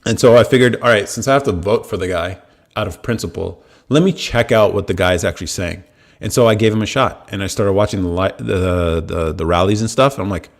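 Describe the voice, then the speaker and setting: A young American man hosting a live podcast, telling a story in a casual, animated way and swearing freely. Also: lowish voice, a little fast. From United States. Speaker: podcast host. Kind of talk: casual livestream talk.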